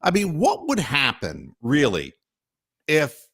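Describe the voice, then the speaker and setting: A man hosting a casual sports talk podcast, telling stories in an animated way with bursts of mock outrage and frequent laughter. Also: on the high side, slow, gravelly, slightly rough. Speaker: podcast host.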